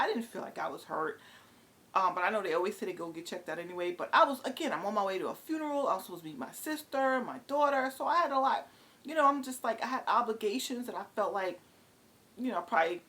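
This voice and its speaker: Animated middle-aged woman. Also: mid-range voice. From New York City. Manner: animated, exasperated, halting with many fillers. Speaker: vlogger. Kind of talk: casual storytelling rant.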